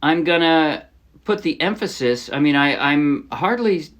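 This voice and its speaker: A man teaching a song on ukulele in a relaxed, casual way, often correcting himself as he explains. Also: a little high, a little slow. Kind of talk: casual instructional talk. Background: his own ukulele playing.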